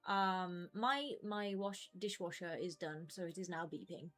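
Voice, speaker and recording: A woman's voice: on the low side, unhurried, fairly bright tone. A young woman in her twenties chatting casually with her stream viewers from home, rambling with lots of fillers. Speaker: game streamer.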